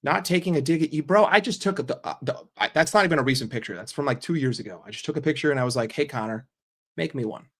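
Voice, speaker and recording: A man with a slightly high voice hosts a loose livestream chat, reading viewer comments aloud. He answers bluntly and animatedly, swearing freely as he goes. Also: racing, few pauses, fairly bright tone. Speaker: livestream host.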